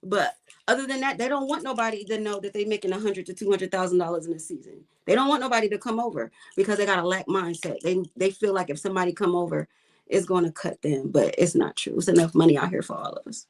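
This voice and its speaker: A woman with a medium-pitched voice talks fast as a guest in a casual interview. She's a commercial fisherwoman who speaks bluntly and emphatically, repeating her points to give them weight.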